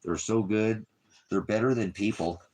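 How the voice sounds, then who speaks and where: A lowish, slightly mellow male voice at a moderate pace. This small-ministry preacher speaks in a rambling, spontaneous livestream style, meandering and joking, and stops now and then to talk to his dog.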